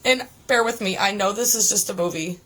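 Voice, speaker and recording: A woman sharing an emotional personal testimony, earnest and halting, often close to tears. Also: mid-range voice, fairly bright tone. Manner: earnest, halting, many restarts and fillers. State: tearful, on the verge of crying. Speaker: testimony giver.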